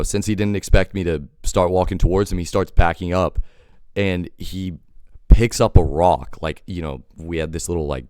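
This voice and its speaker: A man with an extremely deep, smooth voice tells a rambling, wry story, filling it with "like" and "you know." He is sick, and it comes across as close and dry. It sounds like a casual storytime vlog. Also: a little mellow, dry recording. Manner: rambling, filler-heavy, wry. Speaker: storytelling vlogger.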